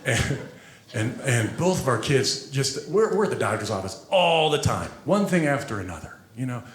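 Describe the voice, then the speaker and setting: A man performing a stand-up comedy set, telling stories about his family in an animated way. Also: mid-range voice, normal speed, echoey room, slight background noise. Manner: animated storytelling, acting out quotes.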